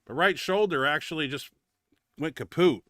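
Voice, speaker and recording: A man with a fairly high-pitched, sharp voice talks at a moderate pace with no room sound. He hosts a bench press show and gives casual, blunt, profane commentary over his training footage, grumbling about his own setback.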